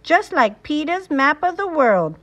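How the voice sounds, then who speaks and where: A woman voicing a mischievous, excitable little boy in a read-aloud storybook, speaking in a wheedling, sing-song way. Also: sits high, a little slow, muffled recording, pitched above the performer's own voice, full character voice. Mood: playful.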